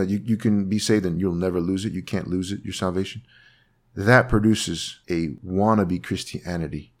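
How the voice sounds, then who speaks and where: A man preaching a sermon, reading scripture aloud and explaining it in an earnest, emphatic way. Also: lowish voice. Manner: earnest, emphatic, rising on key words.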